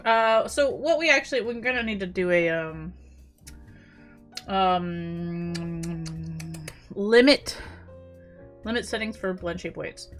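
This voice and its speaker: A woman's voice: mid-range voice, takes it slowly, long pauses, soft background music. A woman giving a casual screen-recorded tutorial, chatty and self-deprecating, with many fillers and little mouth-sound effects, speaking at a desk mic. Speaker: tutorial creator.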